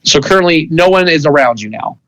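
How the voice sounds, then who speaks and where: A man's voice: fairly high pitch, expressive, fairly quick, a bit bright, dry recording, rough recording. A young man narrating as game master in a rambling way, full of "like" and restarts. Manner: rambling, many fillers and restarts.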